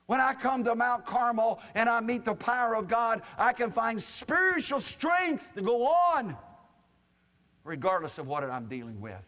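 A man's voice: high-pitched, sing-song, unhurried, fairly bright tone, big-room sound. A man preaching a sermon in a folksy, joking way, talking straight to the congregation.

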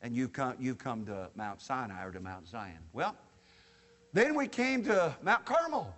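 A man's voice: medium pitch, big pitch swings, unhurried, fairly bright tone, in a large hall. A man preaching a sermon in a folksy, joking way, talking straight to the congregation.

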